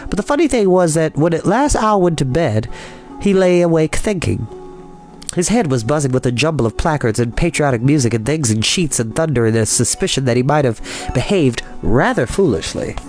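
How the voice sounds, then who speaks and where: A man reading a children's book aloud, in a lively way with chatty asides. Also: fairly high pitch, fairly quick, soft background music. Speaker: storyteller.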